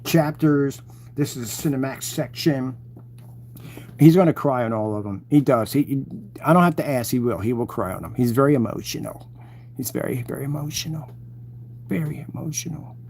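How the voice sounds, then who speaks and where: A man's voice: mid-range voice, expressive, moderate pace, darkish tone, slight background noise. A man hosting his channel, mocking and taunting his rivals in a rambling live-stream rant.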